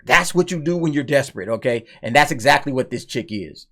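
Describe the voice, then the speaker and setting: Male commentary host, fairly high voice, blunt and mocking, casual reaction talk. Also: lively intonation, fairly quick, a bit bright. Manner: blunt and mocking, laughs often, repeats "okay?" and "all right?".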